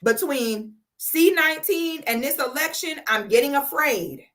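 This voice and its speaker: Sassy woman, ranting on a livestream, bright and kinda high, cusses a lot. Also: lively intonation, a little slow. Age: 30s. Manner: blunt, sassy, profane. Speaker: livestream host. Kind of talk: casual commentary rant.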